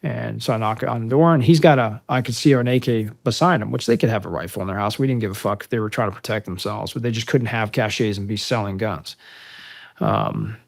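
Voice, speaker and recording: A man in his fifties from the United States, a veteran guest on a long-form interview, telling a story in a casual, animated and profane way and loudly acting out the dialogue. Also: lowish voice, brisk, vocal fry. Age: 50s. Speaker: podcast guest, military veteran.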